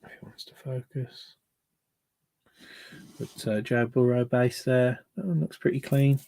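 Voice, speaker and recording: A man's voice: mid-range voice, steady tone, unhurried, vocal fry, mellow. A man hosting a card break, chatting casually with many fillers and restarts.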